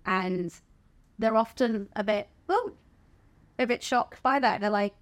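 A woman's voice: medium pitch, slow pace. A middle-aged woman with a southern English accent, a stand-up comedian talking frankly as a podcast guest, swearing casually and laughing often. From England. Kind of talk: candid conversational interview.

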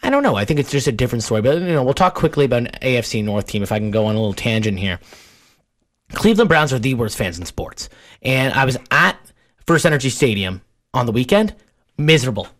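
A man's voice: mid-range voice, expressive, fast talker, fairly bright tone. A young man co-hosting a sports podcast, ranting in an exasperated way about rude fans in casual chat.

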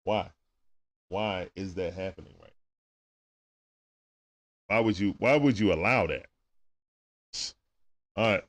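A man's voice: low-pitched, slow pace, long pauses. A man with speech doing loose, chatty play-by-play on a livestream, talking back to players and viewers. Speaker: livestream game commentator. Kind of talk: casual play-by-play commentary.

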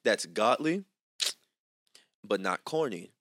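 A young man with a Louisiana accent hosts a podcast in a relaxed, teasing tone. His voice sits low, and he fills his talk with easy fillers. The recording is close and dry. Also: slow, dry recording. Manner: laid-back, joking, lots of fillers. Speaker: podcast host. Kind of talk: casual chat.

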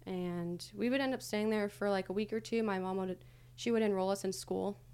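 A young woman's mid-range voice, warm, clear and resonant, carries a steady tone at a slightly fast pace. She's a podcast guest in a casual interview, frankly recalling her past with hesitation and plenty of fillers.

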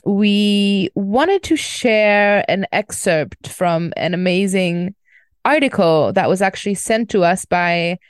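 A woman co-hosting a podcast, talking casually in a gentle, hesitant way with frequent pauses and fillers. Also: mid-range voice, smooth, no room sound. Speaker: podcast co-host.

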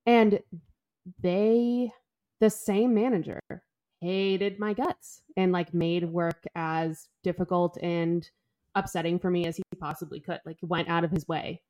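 A young woman co-hosting a podcast, telling a story in an animated, casual way, full of "like" and the odd swear. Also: lowish voice, measured pace. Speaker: podcast co-host. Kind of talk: casual chat.

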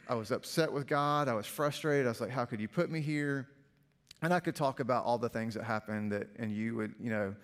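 A male pastor telling a personal story in a sermon, candid and conversational, with many filler "like"s. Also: medium pitch. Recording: long hall reverb.

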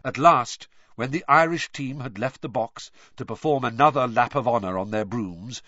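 A man reading a storybook aloud in an animated, expressive narration. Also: medium pitch, moderate pace, dry recording, muffled recording. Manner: animated, shifts voice for characters. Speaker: audiobook narrator.

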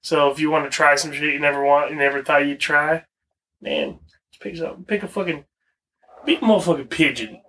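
Bright-voiced young man, crude banter. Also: a little high, animated, a little fast. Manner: profane, joking, storytelling. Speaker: podcast co-host. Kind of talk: crude casual chat.

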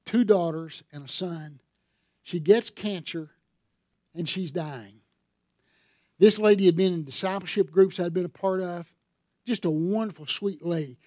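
High-voiced preacher. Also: male voice, measured pace, long pauses, mellow, no echo, clean studio sound. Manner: folksy storytelling, rising to fervent emphasis. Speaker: pastor. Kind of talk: sermon.

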